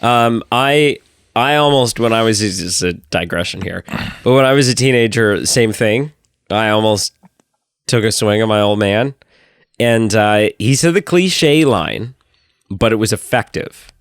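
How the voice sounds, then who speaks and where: A man's voice: on the low side, measured pace, clear, resonant tone, dry recording. Rambling male podcast co-host, dry close mic. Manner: rambling, emphatic storyteller with repeated words. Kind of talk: casual chat.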